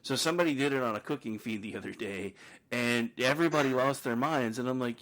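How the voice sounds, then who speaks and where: Gravelly-voiced man in casual banter. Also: medium pitch, a bit bright. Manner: joking, quick asides. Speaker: podcast co-host. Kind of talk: casual chat.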